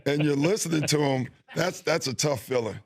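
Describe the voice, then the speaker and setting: A former basketball player chatting casually as a guest, relaxed and laughing while he recalls things. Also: on the high side, normal speed. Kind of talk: casual chat.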